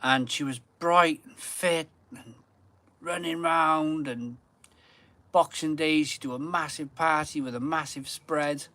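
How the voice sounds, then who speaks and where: A man hosts a live stream, talking casually and at length from his garden. His voice is bright and forward, recorded close and dry. He rambles and doubles back on his own words to stress them. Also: a little high, fairly even intonation, takes it slowly, no echo. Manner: rambling, repeats phrases for emphasis. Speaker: beer channel host. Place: home garden.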